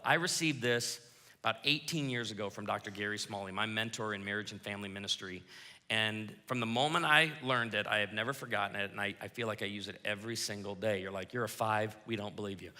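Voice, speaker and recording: A man preaching a sermon as pastor, lively, acting out quoted lines as he goes. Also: mid-range voice. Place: church auditorium. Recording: reverberant church hall.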